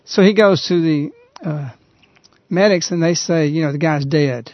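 A man hosting a radio talk show, earnestly retelling a story in a halting, conversational way. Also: a little high, no echo. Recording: dull, lo-fi radio recording.

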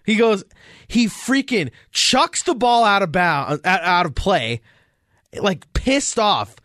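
Animated man telling baseball stories. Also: high-pitched, slow pace, dry recording, clean studio sound. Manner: animated storytelling, acts out quotes. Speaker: podcast co-host. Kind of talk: casual sports chat.

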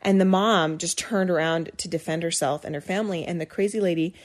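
A woman co-hosting a podcast, telling a story in a casual, animated way full of fillers and restarts. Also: fairly low pitch, a little fast. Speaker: podcast co-host.

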